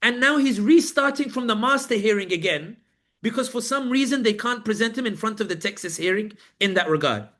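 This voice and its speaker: High-voiced man telling a vivid story. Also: expressive, fairly quick, fairly bright tone. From Britain. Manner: vivid storytelling, acts out guards and inmates in quotes. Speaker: journalist guest. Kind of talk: live panel testimony.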